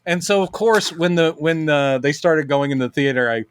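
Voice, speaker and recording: A man's voice: fairly high pitch, moderate pace, clear, resonant tone. A middle-aged man co-hosting a casual podcast, telling stories animatedly and acting out quotes in different voices. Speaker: podcast co-host. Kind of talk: casual chat.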